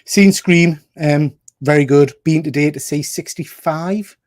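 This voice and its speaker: A man's voice: on the high side, measured pace, darkish tone, dry recording. Easygoing guest man, dry sound. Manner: easygoing, filler-heavy. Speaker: guest, YouTuber. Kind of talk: casual chat.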